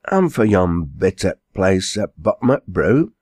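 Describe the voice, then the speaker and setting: A man voicing a sturdy, hurried quarryman who speaks bluntly in a broad Lancashire dialect, in an audiobook. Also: low voice, sing-song, darkish tone, husky, no room sound, clean studio sound, heavily acted.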